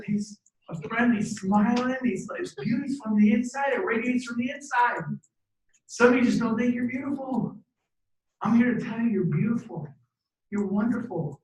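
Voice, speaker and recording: Man, fifties, motivational speaker, high voice, preachy and jokey, shouty bursts, distant mic, echoey room. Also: slight background noise. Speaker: motivational speaker at a team training event. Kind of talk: energetic motivational talk to a live audience.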